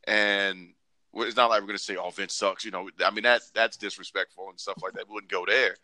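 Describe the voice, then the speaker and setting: A man co-hosting a podcast in casual chat, joking and acting out quoted lines in squeaky voices. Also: fairly quick, dry recording. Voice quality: animated, joking, acts out quotes in high voices. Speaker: podcast co-host.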